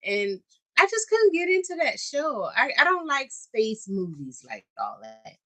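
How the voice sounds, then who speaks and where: A woman's voice: high voice, measured pace, no echo. A woman co-hosting a live stream, chatting casually and chiming in with short agreements. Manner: relaxed, chimes in with short agreements. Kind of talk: casual chat.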